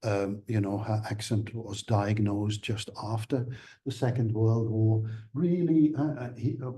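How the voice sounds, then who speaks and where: A man giving an academic seminar lecture, explaining things in a measured way. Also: lowish voice, steady tone, mellow, a little hiss or hum.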